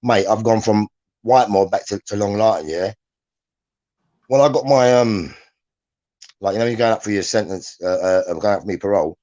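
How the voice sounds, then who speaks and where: A man's voice: fairly low pitch, normal speed, long pauses, dark tone, highs cut off. A man, telling prison stories in casual chat, rambling and restarting, often tagging lines with "yeah?". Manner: rambling, repeats words, restarts, "yeah?" tags. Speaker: guest, former prisoner.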